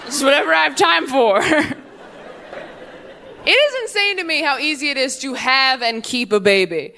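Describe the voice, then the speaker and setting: A woman's voice: high-pitched, big pitch swings, slow, pauses often, bright, forceful tone, a little hiss or hum. A woman performing a stand-up comedy set on stage, with a punchy, sardonic delivery that acts out the voices she quotes. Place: comedy stage before a live audience.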